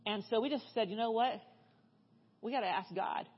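Guest speaker at a church, a middle-aged woman delivers a storytelling sermon at normal speed, her voice on the high side and husky, the sound lo-fi. She narrates chattily, with plenty of fillers and restarts.

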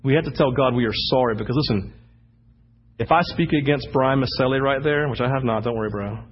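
Husky-voiced pastor preaching a lively sermon. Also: male voice, medium pitch, fairly quick, muffled recording. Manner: animated storytelling, acting out anecdotes with sudden shouts.

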